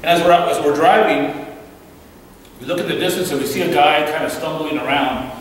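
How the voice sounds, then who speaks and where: A man giving an animated storytelling talk as a guest speaker at a church, acting out the voices in his stories. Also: on the high side, a little fast, a little hiss or hum. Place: church hall. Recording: echoey hall from far off, faint ambience.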